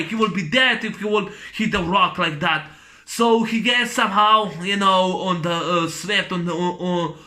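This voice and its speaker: A man's voice: high voice, bright, forceful tone. A man with giving a profane, rambling movie rant, full of fillers and restarts. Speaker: movie reviewer.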